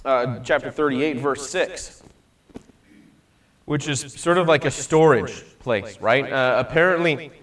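A man's voice: mid-range voice, slow, fairly bright tone, recorded from a distance. A man teaching a Bible study class in a casual, conversational way, often checking in with "right?" and asking his students questions.

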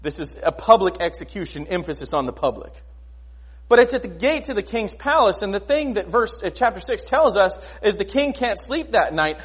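Husky male pastor, lively, chatty sermon. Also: sits high, moderate pace. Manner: conversational, rhetorical questions, animated.

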